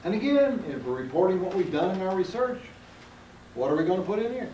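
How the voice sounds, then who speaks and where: This seminar lecturer's voice sits high, very animated and fast, as he questions students folksily and emphatically during a classroom lecture. Captured from a distance on roomy, lo-fi archival tape in a lecture room, it has slight hiss or hum.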